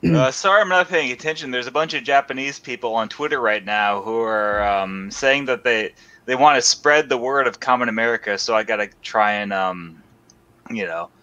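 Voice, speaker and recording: A man's voice: mid-range voice, normal speed, bright, forceful tone, lo-fi sound. A man co-hosting a livestream, joking and laughing playfully with his co-hosts. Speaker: comics creator co-hosting a stream. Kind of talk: casual livestream chat.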